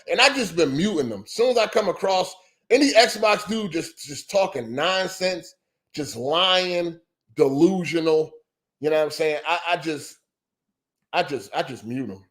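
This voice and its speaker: High-voiced man on a heated rant. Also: animated, a little slow, a bit bright. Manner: heated, profane and repetitive, full of "you know what I'm saying"; exasperated and incredulous. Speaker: podcast host. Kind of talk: ranting gaming podcast monologue.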